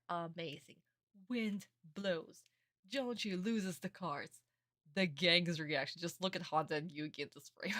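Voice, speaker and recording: A woman streamer giving casual reaction commentary on an anime, animated and affectionate, calling her viewers darlings. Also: lowish voice, measured pace, no echo, studio quality.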